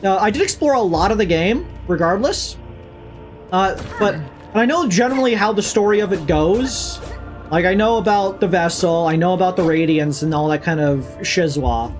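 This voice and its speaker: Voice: medium pitch, animated, moderate pace. A streamer chats casually over gameplay, rambling and swearing freely, the voice rising and dipping a lot. Game music plays faintly underneath. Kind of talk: casual gaming commentary.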